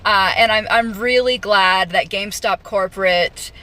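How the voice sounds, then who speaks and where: A woman telling a casual story about her retail job, giggly and animated, acting out the voices of others. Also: medium pitch, unhurried.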